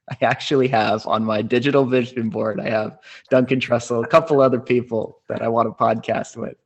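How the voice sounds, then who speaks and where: A man's voice: medium pitch, fairly even intonation, moderate pace, vocal fry, highs cut off. A man in his thirties, a podcast host, telling a personal story in a rambling, casual way with many fillers and restarts. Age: 30s.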